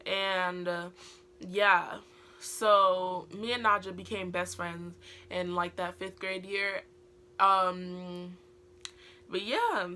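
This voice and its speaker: Teen girl, British accent, casual storytime vlog, rambling with fillers, bright voice. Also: lowish voice, flat delivery, very slow. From Britain. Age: teens. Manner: rambling, heavy use of filler words. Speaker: vlogger.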